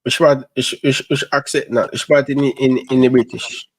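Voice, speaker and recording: A man hosts a relaxed podcast conversation in a mid-range voice. He nudges his guest along with brief, casual questions. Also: medium pitch, normal speed. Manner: short prompting questions. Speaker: podcast host.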